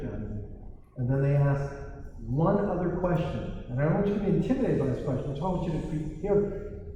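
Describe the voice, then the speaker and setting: A man presenting a property tax seminar to a live audience, animated and wry, acting out the exchanges he describes. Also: on the high side, normal speed, slight background noise. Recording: echoey hall from far off, dull sound.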